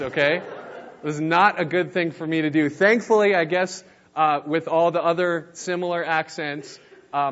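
A man's voice: on the high side, a bit bright, highs cut off. A young man from New Mexico, a youth pastor giving a casual sermon with easygoing, self-deprecating storytelling. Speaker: youth pastor, guest speaker.

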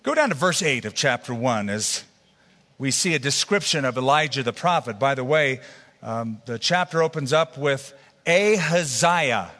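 Bright-voiced man preaching in a reverberant hall. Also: mid-range voice, lively intonation, normal speed. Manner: conversational Bible teaching with asides to the congregation. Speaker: pastor. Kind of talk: sermon.

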